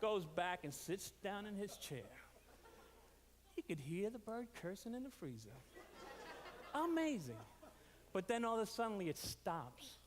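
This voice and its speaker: A man preaching a storytelling sermon, animated and leaping up in pitch for quoted voices. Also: unhurried, long pauses, slight background noise. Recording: reverberant hall.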